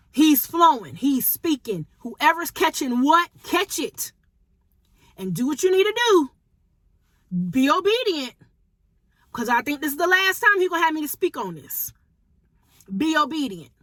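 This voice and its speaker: Woman, high voice, informal preaching, emphatic, repeats for emphasis, dry close sound. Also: a bit bright, no room sound. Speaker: prophetic teacher.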